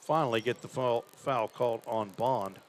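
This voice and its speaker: A man's voice: mid-range voice, moderate pace. Man calling college basketball play-by-play. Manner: conversational, thinks aloud about stats. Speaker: play-by-play announcer. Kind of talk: live basketball commentary.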